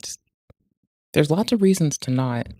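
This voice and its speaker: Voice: mid-range voice, expressive, measured pace, dark tone, no room sound, clean studio sound. A streamer in casual reaction chat, rambling and swearing, breaking off mid-thought to fiddle with the stream. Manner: rambling, sweary, self-interrupting.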